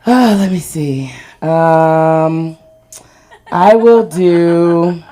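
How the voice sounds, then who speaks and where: A woman's voice: fairly low pitch, very slow, warm tone. A woman doing a stand-up set at an open mic, telling stories and laughing at her own jokes, on a small club stage. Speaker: stand-up comedian.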